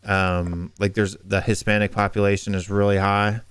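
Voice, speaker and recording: A man's voice: lowish voice, little pitch movement, moderate pace, a bit bright, smooth, no echo. A man from the American South co-hosting a casual call-in show, rambling with many restarts and fillers.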